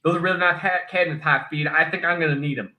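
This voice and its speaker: A man's voice: a little high, fairly even intonation, quick pace, pushed and bright. A man putting on a lisping greedy army chief. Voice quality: bad lisp.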